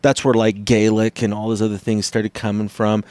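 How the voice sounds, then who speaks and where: Dry-voiced man in animated chat. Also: lowish voice, moderate pace, smooth, dry recording. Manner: animated, acts out tones and inflections while explaining. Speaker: podcast co-host. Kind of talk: casual chat.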